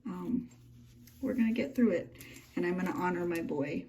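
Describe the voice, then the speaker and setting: Soft-spoken, gushing woman. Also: on the low side, moderate pace, slight background noise. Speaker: journaling vlogger. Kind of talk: casual flip-through vlog. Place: home room.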